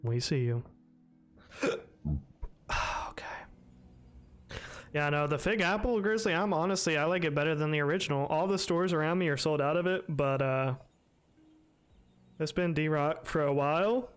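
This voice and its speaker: A man's voice: a little high, moderate pace, pauses often, smooth. A man streaming a game live, chatting loosely and rambling, swearing freely. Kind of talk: casual live-stream chat.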